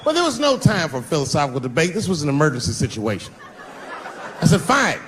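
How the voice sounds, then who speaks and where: A man performing stand-up on stage before a live audience, his pitch swinging widely as he tells stories. He is profane and conversational and slips into other people's voices. A faint hum of the room sits behind him. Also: wildly swooping pitch, fast talker. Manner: profane, storytelling, acts out quoted voices. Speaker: stand-up comedian. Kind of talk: stand-up comedy set.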